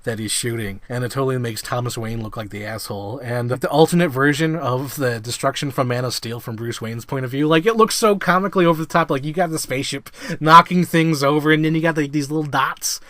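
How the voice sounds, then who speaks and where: A man hosting his own vlog, reviewing a film in a casual, excitable monologue, swearing freely and acting out scenes. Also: mid-range voice, brisk, few pauses, no room sound. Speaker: movie reviewer, host.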